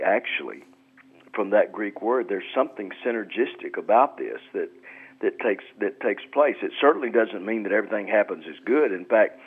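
A man, a pastor, explaining scripture in an earnest radio interview, often repeating words as he restarts. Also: fairly low pitch. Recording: tinny phone-like radio line.

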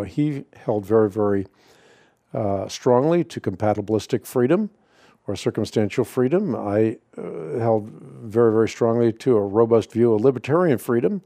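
A middle-aged man hosting a radio Bible-answer call-in show, answering a caller in a measured, thoughtful way and often repeating words as he starts a sentence. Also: lowish voice, animated, gravelly, dark tone, no room sound, studio quality. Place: radio studio.

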